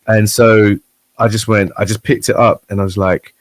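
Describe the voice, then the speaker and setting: Man telling an animated story. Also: fairly low pitch, normal speed, dry recording. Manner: animated storyteller, acts out quoted voices. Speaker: guest. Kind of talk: casual chat.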